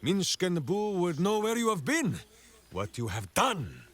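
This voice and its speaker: A bombastic hamster-loving warrior. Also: male voice, high voice, huge pitch swings, unhurried, heavily acted. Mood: boastful. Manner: bombastic, theatrical, speaks of himself in third person. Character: boisterous burly male warrior-ranger, grandiose, hamster-loving. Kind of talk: video game character dialogue. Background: faint game music.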